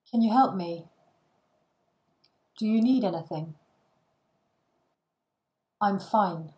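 Slow, measured woman reading phrases. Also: medium pitch, mellow. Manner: reads short phrases one by one with pauses. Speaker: language learning reader.

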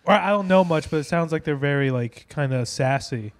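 A man's voice: on the high side, expressive, a little fast. A man co-hosting a casual podcast chat, asking playful, inquisitive questions.

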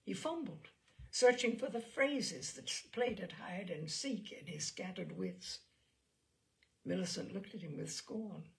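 A woman narrating a literary short story in a measured, dramatic manner. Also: medium pitch, lively intonation, vocal fry. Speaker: reader of short stories.

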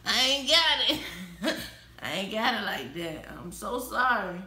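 A woman's voice: on the high side, big pitch swings, unhurried, pushed and bright. A young woman, chatting casually in an exclamatory, gushing way. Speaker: vlogger. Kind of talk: casual chat. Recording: echoey room.

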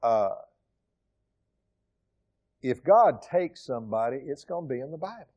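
A middle-aged man preaching a sermon as pastor, emphatic, swinging from loud exclamations to quiet asides. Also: medium pitch, very animated, unhurried, husky, lo-fi sound. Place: church sanctuary.

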